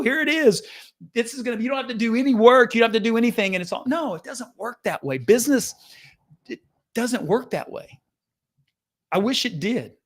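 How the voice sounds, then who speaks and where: A man in his fifties giving an earnest, casual motivational talk to camera as a business coach, restarting sentences often and slipping into quoted voices. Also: sits high.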